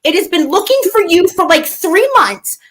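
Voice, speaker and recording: A woman's voice: very high voice, sing-song, normal speed, fairly bright tone, full character voice. A woman playing a melodramatic, weepy reality-TV woman in a live comedy parody, whiny and swinging into mock tears. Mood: dramatic.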